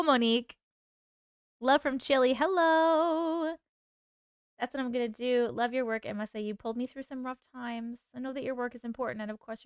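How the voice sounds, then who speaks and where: A woman's voice: a little high, clear, resonant tone, no echo, studio quality. Chatty woman host reading live chat. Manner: chatty, laughs often, reacts to chat aloud. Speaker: livestream host and author.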